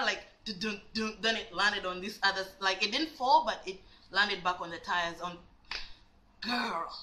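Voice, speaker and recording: A woman vlogger telling a personal story in a dramatic, animated way, cussing freely. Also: medium pitch, low-quality recording. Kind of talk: storytime vlog.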